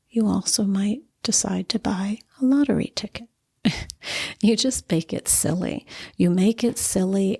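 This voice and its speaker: A middle-aged woman hosting a spiritual talk, teaching calmly and acting out playful quotes. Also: mid-range voice, vocal fry, husky, no echo, studio quality. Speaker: podcast host and spiritual teacher. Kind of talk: calm spoken teaching monologue.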